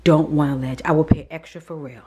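A woman talks casually to her camera while touring a model townhouse. Her voice is low and mellow, often dropping to a hushed whisper. Faint background noise sits under the indoor recording. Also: fairly even intonation, a little fast. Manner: chatty and candid, often drops to a whisper. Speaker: vlogger.

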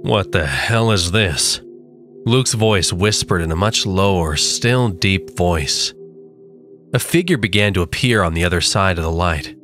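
A man narrating a creepy story with slow, dramatic delivery. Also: low-pitched, a bit bright, faint music behind. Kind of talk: scripted horror narration.

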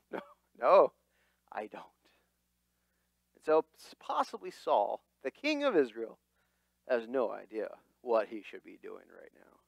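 Animated, lively-voiced male pastor preaching. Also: medium pitch, slow, vocal fry, long pauses, no room sound. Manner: animated, dramatic voicing of quotes. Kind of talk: sermon. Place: church.

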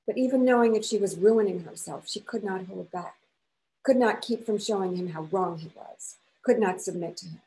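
Mellow-voiced woman reading a novel aloud. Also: medium pitch, low-quality recording. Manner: measured, expressive reading. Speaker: author and professor reading to a class.

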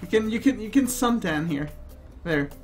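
A man giving playful, excitable let's play commentary and often bursting into laughter. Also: high voice, moderate pace, faint music behind. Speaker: gaming YouTuber.

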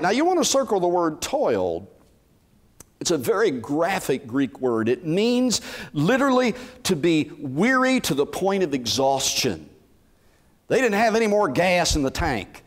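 Animated preacher with a lively high voice. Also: male voice, normal speed. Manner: animated preaching, acting out Bible characters' words. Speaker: pastor. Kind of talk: sermon.

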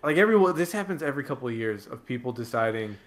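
A man co-hosting a casual podcast chat, telling stories in a rambling, animated way. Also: medium pitch, fast talker. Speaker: podcast co-host.

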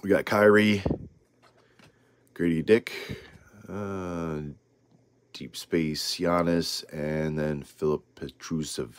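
A man's voice: low-pitched, fairly even intonation, takes it slowly, pauses often, clear, resonant tone. A man hosting a casual card-opening video, reading off names with rambling asides. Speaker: trading card channel host.

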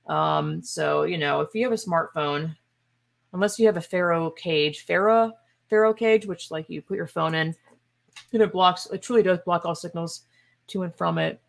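A gravelly, low-leaning female voice at a moderate pace carries this podcast host's casual monologue. She's emphatic and opinionated, full of sarcasm, exasperation and scoffing asides.

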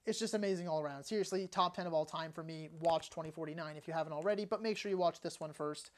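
A young man talking casually and enthusiastically through his movie collection, tossing out quick opinions and asides. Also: on the high side. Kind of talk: casual home video walkthrough.

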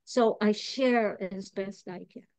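A woman's voice: medium pitch, takes it slowly, darkish tone, smooth, dry recording. A woman from New York, a podcast guest, talking in a chatty, digressive way, laughing at herself and earnest about spiritual growth. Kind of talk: casual chat.

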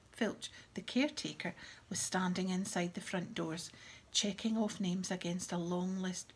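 A woman narrating an audiobook in a soft, breathy reading voice. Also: mid-range voice.

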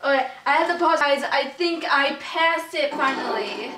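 A woman with a high voice gives loose, foul-mouthed commentary on her video game playthrough, cursing at enemies and pleading with the game. She is picked up from a distance in a roomy, echoing space, with game music playing loudly behind her. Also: normal speed. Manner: excitable, swears a lot, yelps and shouts at the game. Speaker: gamer doing a playthrough. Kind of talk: casual let's play commentary. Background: video game music and sounds.

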